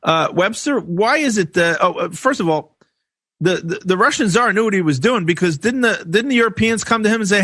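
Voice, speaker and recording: A man hosting a radio interview, asking halting questions with many stumbles and restarts. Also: sits high, lively intonation, a bit bright, no echo, clean studio sound. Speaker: radio host.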